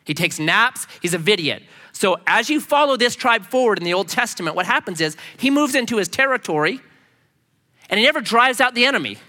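A male pastor giving a sermon, telling a personal story in an animated way and acting out the voices of the people in it. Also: high voice, a little fast, big-room sound.

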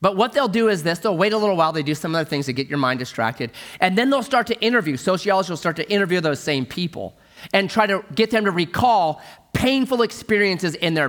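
Animated storytelling male pastor. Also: a little high. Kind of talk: sermon.

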